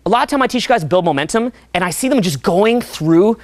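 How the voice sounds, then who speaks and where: A young man coaching a seminar audience in a profane, animated way, often acting out voices. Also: high-pitched, brisk, no room sound. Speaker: dating coach. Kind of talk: seminar talk.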